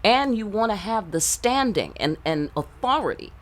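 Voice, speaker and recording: A very animated woman with a medium-pitched voice talks at a moderate pace. As a tarot reader in a casual channeled session, she gives relationship advice that's blunt, profane and streetwise, heavy on rhetorical asides.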